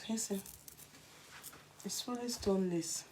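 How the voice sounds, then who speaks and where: A woman's voice: medium pitch, slow, darkish tone, a little hiss or hum. A woman with a Nigerian accent chatting casually to her viewers as a clothes-selling vlogger, giving emphatic, preachy encouragement and often dropping to a whisper. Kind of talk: casual live chat to viewers.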